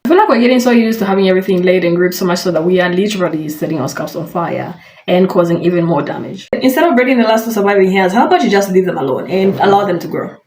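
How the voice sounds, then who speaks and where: A woman's voice: fairly low pitch, lively intonation, quick pace, a little mellow. A woman commenting on hair care in a vlog, giving frank advice with light amusement.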